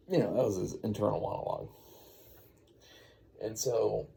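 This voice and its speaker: A father caring for a baby at home improvises a bedtime story in a low-leaning, mellow, creaky voice. He moves at a moderate pace with long pauses, rambling in a laid-back way and saying "you know" constantly.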